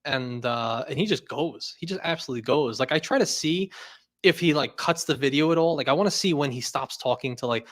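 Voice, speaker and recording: A man's voice: medium pitch, a little fast, fairly bright tone. A young man hosting a casual livestream, who rambles, laughs often and leans on "like" fillers. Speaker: host.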